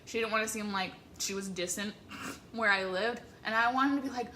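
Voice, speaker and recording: A young woman from the Midwest telling an excitable, rambling story with many filler words while eating on camera. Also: medium pitch, normal speed, a little hiss or hum. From American Midwest. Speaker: vlogger.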